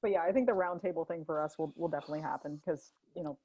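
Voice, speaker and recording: A Canadian woman co-hosting a casual live-stream chat, relaxed and thinking out loud, swearing in jest. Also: low-pitched, rapid-fire, dull audio, noisy background. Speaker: podcast co-host.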